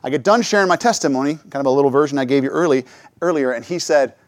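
With no room sound, a middle-aged man delivers a church talk quickly in a mid-range voice. He's the church speaker, spinning lively personal anecdotes and acting out the words he and others spoke.

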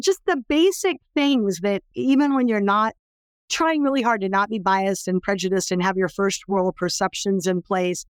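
A woman's voice: mid-range voice, clean tone, no room sound. Impassioned middle-aged woman telling a story. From California. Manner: emphatic, intense, building to impassioned pleas. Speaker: interview guest, anti-trafficking worker. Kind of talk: emotional personal storytelling.

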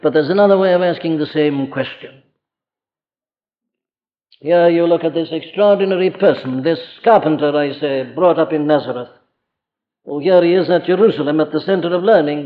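Male preacher, earnest and emphatic, fairly high voice, long hall echo, dull archive sound. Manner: earnest, emphatic, rhetorical questions, acts out quoted voices. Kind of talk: sermon.

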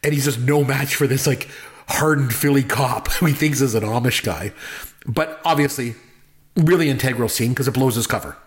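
A man's voice: mid-range voice, moderate pace. Chatty man gushing about a film. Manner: enthusiastic, rambling with many fillers. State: married. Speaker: podcast co-host. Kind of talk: casual movie discussion.

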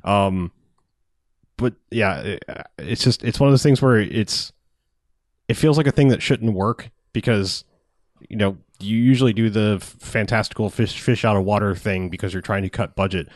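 A man's voice: on the low side, normal speed, dry recording, clean studio sound. A man in casual podcast chat, rambling about movies, often laughing and swearing as he acts out lines.

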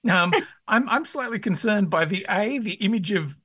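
A podcast host chatting in a playful, joking way. The voice is bright and forward, with lively swings in pitch. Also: normal speed, husky, no room sound. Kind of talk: casual chat.

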